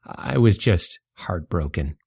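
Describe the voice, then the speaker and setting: A podcast host telling a story in a casual, animated way, laughing often, his voice jumping up when he gets excited. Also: low-pitched, takes it slowly, gravelly, breathy edge.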